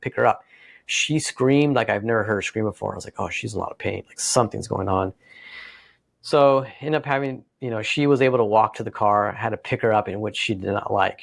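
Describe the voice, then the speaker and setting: A man's voice: medium pitch, creaky, no room sound, clean studio sound. A man co-hosting a podcast, a dog trainer who tells stories in casual chat and acts out owners and dogs. He sounds slightly congested.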